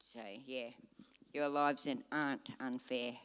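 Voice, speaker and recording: Slow, solemn Australian man. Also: mid-range voice, little pitch movement, a bit bright, clear, resonant tone, long reverb tail. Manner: solemn, measured. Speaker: eulogy speaker. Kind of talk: funeral eulogy. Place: church.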